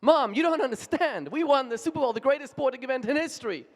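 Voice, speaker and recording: Brief: a man doing a proud young quarterback, pleading, pitched high, hall echo. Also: animated, quick pace, gravelly, exaggerated voice. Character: proud young male football star, pleading. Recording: long reverb of a large music hall.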